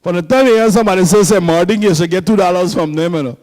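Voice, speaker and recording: A man's voice: high-pitched, fast, darkish tone, lightly acted. A man voicing a cheeky male T-shirt seller in a stand-up comedy bit, teasing the crowd.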